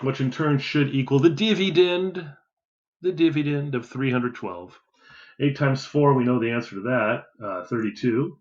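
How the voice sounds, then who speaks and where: A man's voice: mid-range voice, echoey room, muffled recording. A man teaching a math lesson, talking casually and thinking aloud as he counts through a division problem. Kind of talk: worked-example math lesson.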